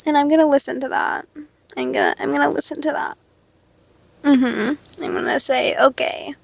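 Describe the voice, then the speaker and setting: A woman's voice: sits high, fairly even intonation, moderate pace, vocal fry, no room sound. Profane ranting eighteen-year-old woman. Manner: profane, ranting, sarcastic, swinging from loud outbursts to quiet mutters. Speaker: vlogger. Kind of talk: venting to camera.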